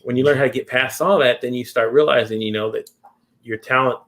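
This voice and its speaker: A man's voice: medium pitch, fairly even intonation, fairly quick, fairly bright tone. A man hosting a casual interview, talking in long rambling turns full of fillers and restarts. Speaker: host.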